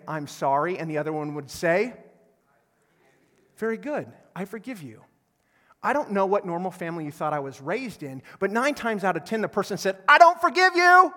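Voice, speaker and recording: A middle-aged male pastor preaching a sermon, energetic and call-and-response one moment, soft and earnest the next, recorded live in a large church hall. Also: high voice.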